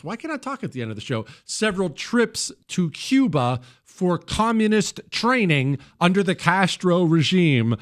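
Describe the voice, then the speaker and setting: Brief: man, talk radio host, animated and swinging in pitch, teasing banter and wry headline commentary. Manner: joking, teasing an off-mic producer, riffing on headlines.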